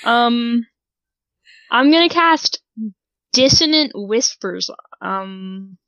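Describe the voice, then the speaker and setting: A woman playing a tabletop game, speaking in an unhurried way and reading the rules aloud. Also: a little high, lively intonation, a bit bright, no echo, dull audio. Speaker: player.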